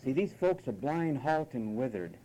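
A man's voice: mid-range voice, big pitch swings, normal speed, mellow, rough recording. A man preaching a sermon, emphatic and mocking, at times imitating whiny voices.

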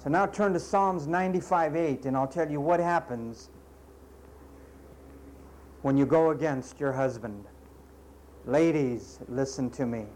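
A man preaching with a high-pitched voice. He scolds his listeners emphatically, repeating himself for effect, and slips into sarcastic asides. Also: unhurried, pauses often, a little mellow, a little hiss or hum, rough recording. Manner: sarcastic asides and mocking impressions. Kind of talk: sermon.

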